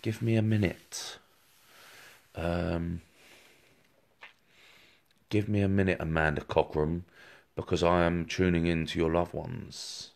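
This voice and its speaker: A man's voice: sits low, steady tone, slow, gravelly, pauses often, darkish tone. A man giving a rambling live-streamed psychic reading, talking straight to viewers with many fillers and restarts. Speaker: psychic medium.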